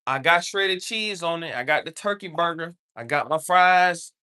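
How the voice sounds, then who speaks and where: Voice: medium pitch, animated, normal speed, pushed and bright, smooth. A livestreamer talking in a casual, meandering way, constantly checking in with viewers and repeating the same filler phrase. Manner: meandering, repeats "you know what I'm saying" often. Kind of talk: casual rambling livestream chat.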